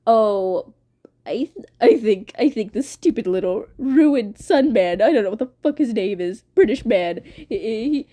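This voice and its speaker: A petty, crybaby male moon being, played by a woman in a fairly high voice, spits loud, scornful insults. He sulks and snaps in an unhurried, drawn-out way. A fan's storytelling voice, not a polished performance. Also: expressive. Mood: suspicious.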